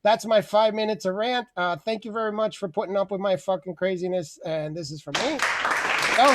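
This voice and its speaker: A man with a high-pitched voice, recorded dry, hosts an online open mic over a video call. He rambles through a comic rant, laughing often and swearing freely.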